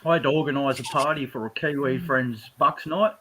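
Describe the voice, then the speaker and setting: A man's voice: mid-range voice, fairly even intonation, fairly quick, a bit bright. A man telling crude, sweary stories in a casual live-stream chat over a call line with faint hiss.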